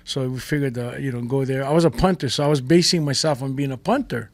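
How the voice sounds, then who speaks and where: Gravelly-voiced older man telling stories. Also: medium pitch, quick pace, no room sound. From Hawaii. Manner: lively storyteller with pidgin turns. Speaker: guest chef. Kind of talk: casual storytelling.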